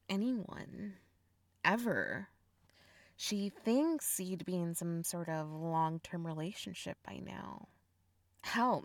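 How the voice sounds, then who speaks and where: A teasing big sister who swears without a second thought, played by a young woman. She talks slowly and unhurriedly, her voice close to the mic and completely dry. Blunt and playful, she pokes fun at her younger sibling. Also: mid-range voice, no echo, natural voice. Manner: teasing, blunt, swears freely, laughs often. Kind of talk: audio role-play.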